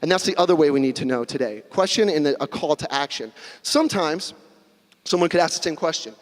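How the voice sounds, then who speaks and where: A man's voice: a little high, a little fast. A young man preaching a casual, conversational sermon in a church, with joking asides and little acted-out quotes. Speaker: pastor. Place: church sanctuary. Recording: long hall reverb.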